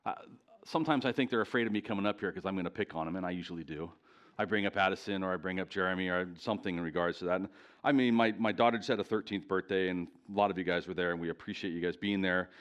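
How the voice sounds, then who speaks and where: A man's voice: deep voice, rapid-fire. A middle-aged man preaching to a live congregation in a church, telling a personal story in a self-deprecating way and often asking the listeners questions. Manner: animated, self-deprecating, talks straight to the congregation. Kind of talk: storytelling sermon.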